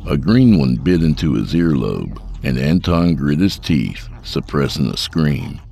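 Very deep, gravelly male horror narrator. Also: big pitch swings. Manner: measured, dark storytelling. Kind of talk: scripted narration.

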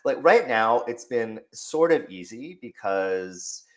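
A man's voice: mid-range voice, expressive, takes it slowly. A man from Canada, a relationship coach, talking openly and casually as a podcast guest.

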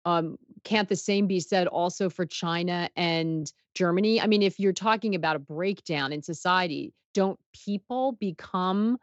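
A woman's voice: on the low side, a little slow, hardly any pauses, dry recording, muffled recording. A woman hosting an interview, asking questions conversationally and reading out viewer questions. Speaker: interview host.

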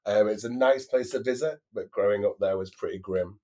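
A Northern English man chats as a podcast guest in a relaxed, giggly way, with plenty of "um" and "like". His voice sits a little lower than average. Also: fairly quick. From Lake District, England. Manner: relaxed, giggly, lots of fillers. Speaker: guest, drag performer. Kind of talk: casual chat.

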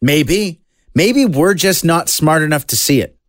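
A man's voice: on the high side, unhurried, no echo, studio quality. A man co-hosting a podcast, enthusiastically chatting and reading aloud from a book. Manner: enthusiastic, animated. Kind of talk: casual chat and book reading.

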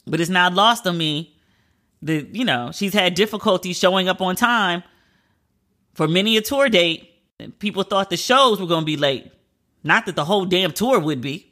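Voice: mid-range voice, animated, normal speed, bright, forceful tone. A commentator reading entertainment news aloud in a casual, chatty way and reacting openly between the items.

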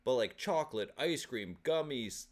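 A man's voice: mid-range voice, expressive, normal speed. A man co-hosting a casual podcast chat, blunt and opinionated, with a jokey manner. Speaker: podcast co-host.

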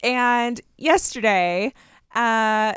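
A woman's voice: on the high side, very slow, a bit bright, clean tone, no room sound. Woman, casual chat, laughing storyteller, lots of restarts, dry close sound. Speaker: co-host.

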